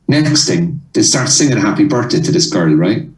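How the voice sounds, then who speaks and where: Animated male comedian telling a story. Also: fairly low pitch, normal speed, hardly any pauses, echoey room, recorded from a distance, poor audio. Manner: animated storyteller, acts out dialogue. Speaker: comedian guest. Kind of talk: telling a story in a casual interview.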